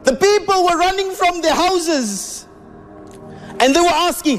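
A man's voice: very high voice, lively intonation, measured pace, fairly bright tone, faint music behind. A man narrating a religious story in an earnest, emotive, reverent way.

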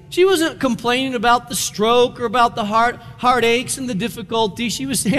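A pastor delivers his sermon in a strikingly high voice, pressing his points with animated emphasis and acted-out quotations. His voice rings with long reverb, as in a large hall. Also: moderate pace. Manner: emphatic, animated preaching with dramatized quotes.

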